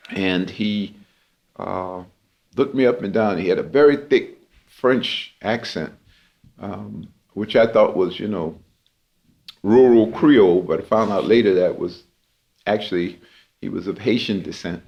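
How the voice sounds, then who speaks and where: A man, a jazz musician recalling his early days in a relaxed, reflective interview. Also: lowish voice. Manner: relaxed, reflective anecdotal telling with fillers. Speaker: jazz clarinetist and historian, interview guest. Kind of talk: storytelling in an interview. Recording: muffled lo-fi podcast audio.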